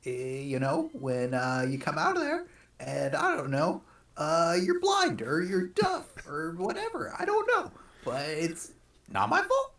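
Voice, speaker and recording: A woman's voice: low-pitched, wildly swooping pitch, measured pace, roomy sound, far from the mic. A woman playing a tabletop game, speaking in character in a wheedling, conspiratorial way. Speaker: player. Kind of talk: in-character tabletop role-play.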